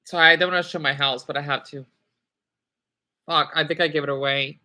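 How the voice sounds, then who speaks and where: A man's voice: a little high, steady tone, a little fast, bright, forceful tone. A young man chatting to viewers on a livestream, rambling and apologetic, with many halts and fillers. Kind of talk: rambling live chat with viewers.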